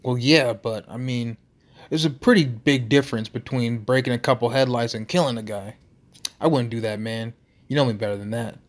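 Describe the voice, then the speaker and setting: A loudmouthed male barfly who defends himself with blustering slang, voiced by a man reading a story game. The voice stays at a plain middle pitch. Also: normal speed, close to an everyday voice. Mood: defensive. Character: brash defensive male small-town barfly.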